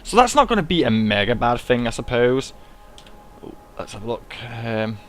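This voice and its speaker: A man's voice: medium pitch, big pitch swings, moderate pace, slight background noise. A young man giving casual, self-mocking commentary as he plays a game, talking himself through each step. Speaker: gaming YouTuber. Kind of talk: casual let's-play commentary.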